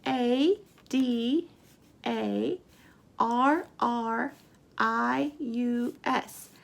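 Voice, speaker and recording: Woman teacher, high voice, gravelly fry, slow patient sing-song lesson for little kids. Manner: slow, patient, sing-song prompting, spelling letters aloud. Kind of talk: remote lesson for young children.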